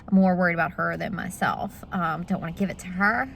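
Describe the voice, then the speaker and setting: A woman's voice: on the low side, fairly even intonation, brisk, gravelly, a bit bright, slight background noise. A woman, chatting casually to her viewers in a vlog. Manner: chatty, talks straight to viewers. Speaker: vlogger.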